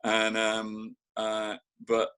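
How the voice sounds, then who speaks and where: An older man, a council chief executive, talking in a casual interview with many pauses, fillers and restarts. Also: fairly low pitch, monotone, a bit bright, clean tone.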